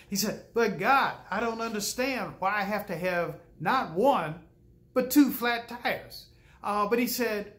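An older male pastor with a fairly high voice preaches through a folksy story. He pauses often and acts out the people he quotes, with lively shifts in delivery. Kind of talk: storytelling sermon.

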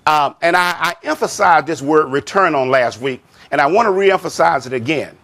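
A man preaching a sermon as pastor, slow and emphatic, repeating phrases and saying "amen" often. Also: a little high, lively intonation, fairly bright tone.

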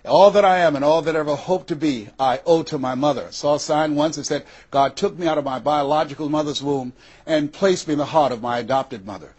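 An older American man giving a motivational speech, with dramatic pauses, acting out the voices he quotes. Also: a little high, darkish tone, husky. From USA. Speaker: motivational speaker.

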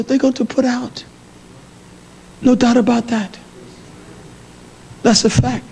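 A middle-aged man preaching a sermon, blunt and lively, jumping between high exclamations and low mutters. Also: slightly rough.

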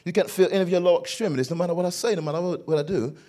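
A woman's voice: fairly low pitch, rapid-fire, dark tone, voice pushed up, close to an everyday voice. A man voicing his British-accented wife, a woman in labor, earnest and insistent. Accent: put-on British.

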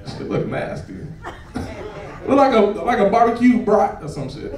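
A man performing a profane stand-up comedy set on a club stage, laughing and shouting as he tells stories. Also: high-pitched, lively intonation, unhurried. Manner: loud, laughing, profane storytelling to a crowd. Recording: echoey club recorded from far off.

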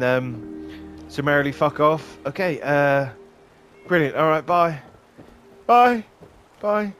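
A man's voice: mid-range voice, fairly bright tone. A man rambling and joking as he commentates a video game, swearing and laughing often. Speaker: gaming channel host. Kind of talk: let's play commentary.

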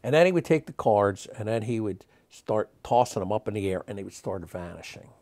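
Gravelly older man telling stories. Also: fairly low pitch, fairly quick. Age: 60s. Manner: animated, rambling with many fillers and restarts. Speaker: magic historian. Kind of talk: interview storytelling.

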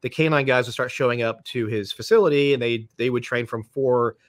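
A man's voice: mid-range voice, steady tone, fairly quick, no room sound, clean studio sound. A man, a podcast guest who tells long, rambling anecdotes and acts out the voices of people he quotes. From Florida, United States. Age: 50s. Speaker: podcast guest, police dog trainer. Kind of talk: casual storytelling.

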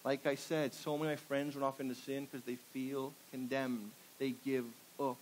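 A man's voice: mid-range voice, level tone, moderate pace, slight background noise, poor audio. A man preaching a sermon to a congregation, firing rhetorical questions and pushing for call-and-response answers. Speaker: pastor. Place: church before a live congregation.

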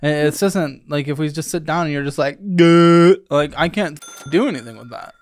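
A man's voice: on the high side, brisk, soft background music. A man hosting a financial audit, questioning a guest bluntly with sarcasm and growing irritation. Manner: exasperated, sarcastic, swings from mutters to outbursts. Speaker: host.

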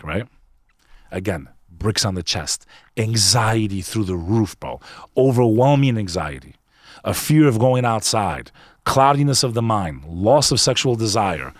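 A man's voice: fairly low pitch, no room sound, studio quality. A man in his forties from New York, a podcast guest telling a personal story in casual chat, earnest and confessional, calling the listener bro. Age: 40s.

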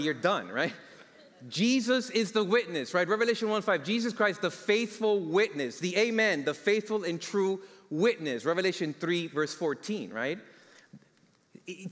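A man's voice: high voice, fairly bright tone. A man preaching a sermon, telling a story and asking the congregation questions. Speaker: guest preacher. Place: church sanctuary. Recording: long church hall reverb.

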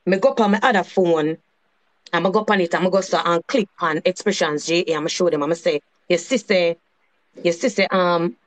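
A woman's voice: lowish voice, fast talker. A woman with a Jamaican accent telling a heated, repetitive story on a live stream, swearing in patois as she vents about a falling-out. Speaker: channel host.

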